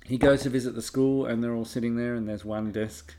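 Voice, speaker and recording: Man, podcast co-host, mid-pitched, chatty, stammers a bit. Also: fairly even intonation, a little fast, dark tone. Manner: chatty, stammers, acts out quotes. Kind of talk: casual chat.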